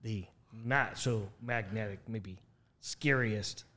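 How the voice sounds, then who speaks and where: A man's voice: fairly low pitch, slow pace, pushed and bright. A man hosting a casual interview, asking questions with jokes while searching for his words. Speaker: podcast host.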